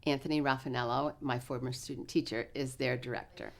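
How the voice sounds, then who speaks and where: Low-pitched woman, calm clinician explaining rehearsal methods. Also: a little hiss or hum. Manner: clear, measured teacherly explanation; energetic rehearsal coaching with choir. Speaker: choral clinician. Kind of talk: recorded choral workshop lesson.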